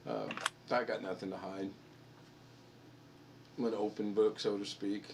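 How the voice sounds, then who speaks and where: A man's voice: lowish voice, little pitch movement, measured pace, noisy background. An American man hosting a casual live stream chat, rambling and joking and laughing at his own stories. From United States.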